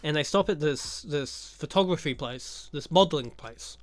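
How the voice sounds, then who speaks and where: A man's voice: on the high side, expressive, moderate pace, no echo. A man giving a casual, profane recap of a movie, full of sarcastic jokes and laughing asides. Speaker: YouTube movie commentator.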